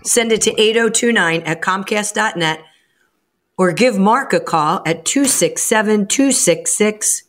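A woman co-hosts a radio talk show in relaxed, casual conversation. Her voice sits at a middle pitch. She talks easily with her co-host. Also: unhurried. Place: by the ocean, calling in remotely.

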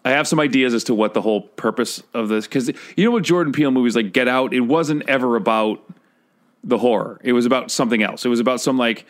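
A man's voice: medium pitch, fast talker. Hesitant, thoughtful man talking film. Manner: thoughtful, hesitant, many restarts. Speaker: podcast co-host, movie reviewer. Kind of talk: casual chat.

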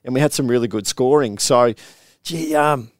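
An Australian man hosts a laid-back podcast in a conversational, meandering way, looping back and restarting thoughts. His voice sits at an ordinary middle pitch and sounds close and dry, with no room around it. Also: moderate pace, dry recording. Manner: chatty, rambling with restarts. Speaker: podcast host. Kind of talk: casual chat.

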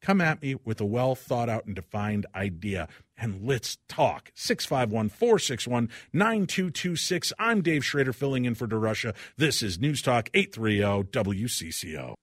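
A middle-aged man hosts a talk radio show with a husky, slightly breathy voice. He talks with passion, rising to loud outbursts and dropping to quiet reflection. The studio sound is dry and close. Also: mid-range voice, expressive, normal speed, few pauses, no room sound. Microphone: studio microphone.

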